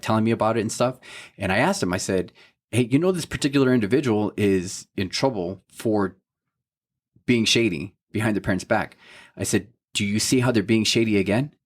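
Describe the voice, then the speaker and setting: A man's voice: on the low side, brisk. A man in his thirties co-hosting a faith podcast, telling a story about his son in a casual, earnest way and quoting what everyone said, with a lot of "you know what I mean.". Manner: heartfelt, earnest parental tone. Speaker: podcast co-host. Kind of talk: casual chat.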